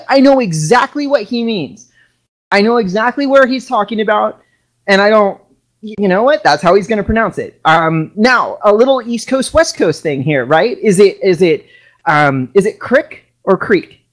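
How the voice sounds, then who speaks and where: A woman from Washington state hosting a casual podcast chat, talking in halting starts and restarts that build into a rant. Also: mid-range voice, very animated.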